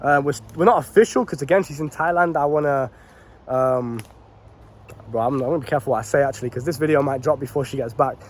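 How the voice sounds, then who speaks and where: A man's voice: mid-range voice, quick pace. A man giving dating advice in a casual, unscripted rant, blunt and swearing freely, calling his listeners bro.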